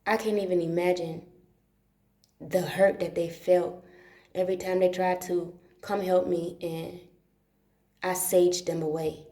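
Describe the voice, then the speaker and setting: A woman's voice: lowish voice, level tone, unhurried, long pauses, warm tone, reverberant. A woman talking in a casual, rambling monologue at home, cursing often and repeating herself for emphasis. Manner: profane, repetitive, emphatic. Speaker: livestream host. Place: dark room at home.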